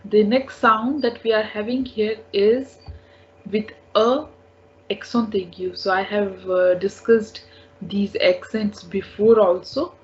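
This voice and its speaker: Slow, patient woman teaching French. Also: medium pitch, steady tone. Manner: patient, repeats each word several times. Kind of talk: slow language lesson. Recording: dull lo-fi recording.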